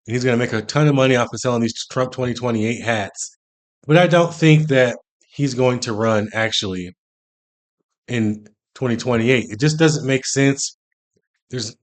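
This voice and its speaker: A man hosts a casual reaction video in a voice of middle pitch. He talks in a chatty way and often sounds incredulous at what he has just watched. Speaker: reaction channel host.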